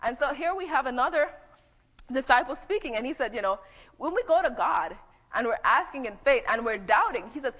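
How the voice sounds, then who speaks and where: A woman's voice: high-pitched, expressive, a little fast, fairly bright tone. A woman preaching a sermon, teaching conversationally and reading scripture aloud. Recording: dull echoey hall.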